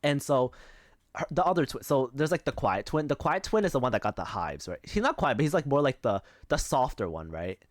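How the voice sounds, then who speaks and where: A man's voice: mid-range voice, big pitch swings, fairly quick, no room sound, clean studio sound. A young man streaming live, chatting casually and telling rambling stories packed with fillers and swearing. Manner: rambling, filler-heavy storytelling with frequent swearing.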